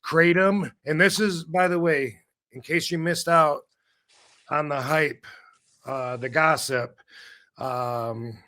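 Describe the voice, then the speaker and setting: A man hosting a podcast, his voice sitting a little higher than most men's. He rambles in loose casual chat, swears freely and keeps restarting his sentences. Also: slow pace, pauses often, sharp tone. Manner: rambling, profane, self-interrupting. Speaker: podcast host.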